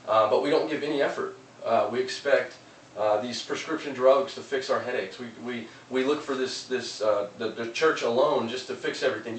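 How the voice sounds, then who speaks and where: Earnest man talking in a roomy space. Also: medium pitch. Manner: earnest, loose, with many repeated restarts. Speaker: vlogger giving motivational talk. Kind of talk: casual motivational monologue. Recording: roomy, distant mic, faint noise.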